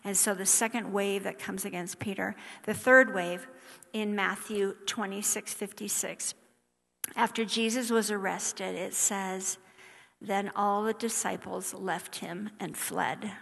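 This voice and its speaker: A woman preaching a sermon, reading scripture aloud with emphatic rises and soft hushed drops. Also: medium pitch, steady tone, unhurried, gravelly. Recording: long hall reverb.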